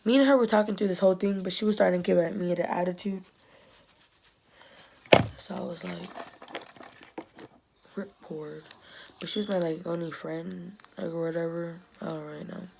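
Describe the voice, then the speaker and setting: A woman's voice: lowish voice, steady tone, normal speed, creaky, long pauses, darkish tone, slight background noise, poor audio. A teenage girl rambling through a casual storytime about her school friends, acting out the quotes. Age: teens. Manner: chatty, rambling, acts out quotes. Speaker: vlogger telling a storytime.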